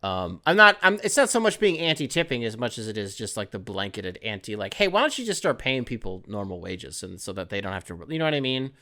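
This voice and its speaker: A young man from the United States hosts a podcast, rambling through a casual, profane monologue. His pitch swings widely, and his tone is bright. He sounds conversational throughout. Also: big pitch swings, fast, hardly any pauses. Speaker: podcast host.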